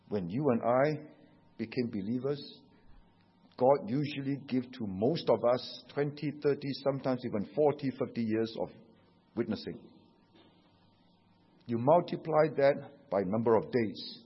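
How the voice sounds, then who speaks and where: A Singaporean pastor preaching a sermon, telling stories in an animated way and tagging his sentences with "huh?" and "you know". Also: mid-range voice, unhurried, long pauses, slightly rough. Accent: Singaporean English. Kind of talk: sermon with anecdotes. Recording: dull echoey hall recording.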